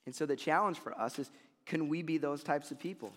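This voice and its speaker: A male pastor delivers a sermon in an easygoing, humorous, conversational manner. His voice sits a little high for a man. The sound carries a long reverb from a large church hall. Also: brisk, a bit bright. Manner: casual, joking, conversational preaching with laughs.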